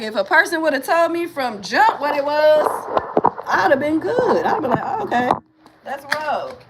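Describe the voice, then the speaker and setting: An animated woman with speech vents straight to her camera, cursing freely and breaking into laughs. Her voice sits on the high side. Faint traffic hums behind her. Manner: animated, profane, laughs often. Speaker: vlogger. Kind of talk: casual venting monologue.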